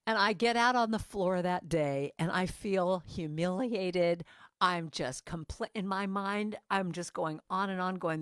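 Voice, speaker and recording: A woman giving a lively storytelling message at a church service, acting out the voices of people in her story. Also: lowish voice, unhurried, clear, resonant tone, dry recording, clean studio sound. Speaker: guest musician and speaker. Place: church sanctuary.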